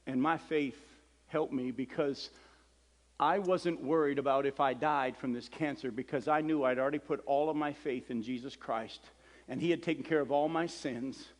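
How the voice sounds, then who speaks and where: A middle-aged man, a preacher, telling a story in a sermon and acting out the dialogue with lively energy. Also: medium pitch, moderate pace. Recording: long hall reverb.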